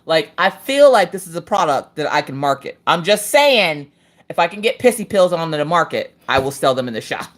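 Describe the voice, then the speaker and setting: A woman's voice: low voice, a little fast. A woman hosting a casual crafting livestream from home, rambling through stories with lots of "like" fillers. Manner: rambling, animated storytelling with frequent "like" fillers. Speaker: livestream host. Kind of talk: casual live chat while crafting.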